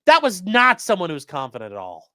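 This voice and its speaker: A man's voice: high-pitched, wildly swooping pitch, quick pace, bright, forceful tone, no echo, studio quality. A man doing mocking, sarcastic live-stream commentary while reading chat, swearing often.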